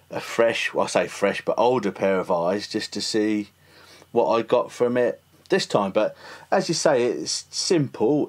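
A man hosting a casual film podcast, chatty and laughing often. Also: on the low side. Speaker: podcast host.

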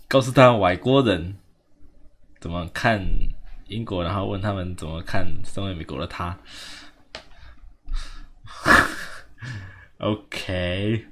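A man's voice: deep voice, slow pace, long pauses, bright, forceful tone. A man with a Taiwanese Mandarin accent giving casual, joking commentary on a game he is playing. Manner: joking, mocking, laughing asides. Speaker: game streamer. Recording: faint background noise.

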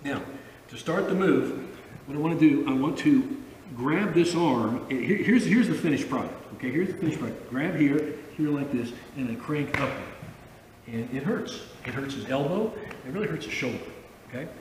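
A man's voice: fairly high pitch, expressive, normal speed, a little mellow, echoey room, in a large hall, far from the mic, a little hiss or hum, rough recording. A man teaching a judo arm lock, explaining in an informal way with repeated okay checks. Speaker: judo instructor. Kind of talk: instructional demonstration and commentary.

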